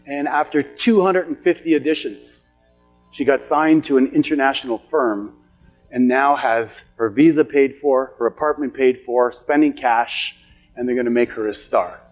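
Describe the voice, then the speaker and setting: A man's voice: medium pitch, normal speed, soft background music. A middle-aged man giving a motivational seminar talk to an audience, telling stories with emphatic, repetitive phrasing. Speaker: motivational speaker. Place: event hall with an audience.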